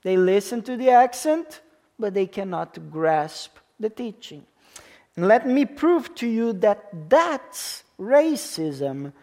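A man's voice: high-pitched, warm tone. A pastor in his thirties preaching a sermon in English, his second language, with a foreign accent. He repeats key words for emphasis and keeps checking in with the congregation. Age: 30s.

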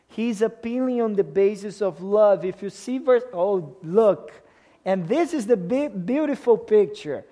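A man's voice: high voice, expressive, measured pace, warm tone. A man preaching a sermon to a congregation in an emphatic way, often checking in with them by asking questions. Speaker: pastor.

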